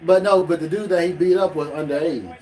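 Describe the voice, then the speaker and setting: A man co-hosting a casual reaction chat, explaining and correcting in halting speech with fillers. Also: a little high, crowd noise. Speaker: co-host.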